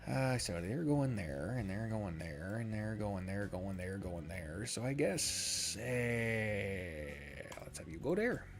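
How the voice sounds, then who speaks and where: A man's voice: expressive, slow, soft background music. A man streaming a strategy game, rambling in casual commentary, swearing freely and joking at his own expense. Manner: lowers voice at times so a roommate's call isn't disturbed.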